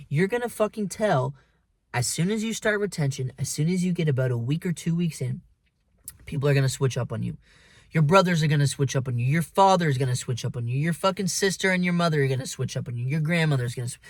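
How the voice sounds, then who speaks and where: A man's voice: a little high, a little mellow, no echo, studio quality. A man talking in a casual, blunt monologue, swearing freely and preaching to the listener as "man" and "dude". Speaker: vlogger.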